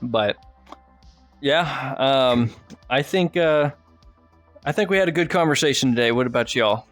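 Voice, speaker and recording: A man's voice: medium pitch, unhurried, fairly bright tone, soft background music. A young man hosting a podcast in casual chat, telling rambling stories, swearing freely and laughing often. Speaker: podcast host.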